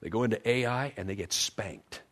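A middle-aged pastor preaching a sermon, retelling Bible stories and briefly acting out the figures in them. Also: male voice, lowish voice, fairly bright tone. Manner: storytelling preacher who acts out biblical figures in quick voices.

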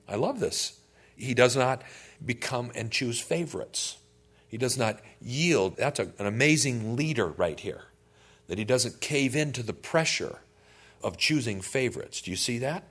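A man's voice: mid-range voice, a little slow, breathy edge. A male pastor teaching a sermon in a conversational way, often asking listeners questions. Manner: conversational, animated, asks the audience questions.

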